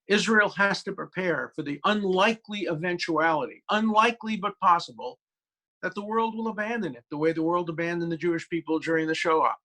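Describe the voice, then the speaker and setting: A man's voice: high-pitched, a little fast, pushed and bright. A male law professor speaking as a guest on a video call, emphatic and storytelling, with many hesitations.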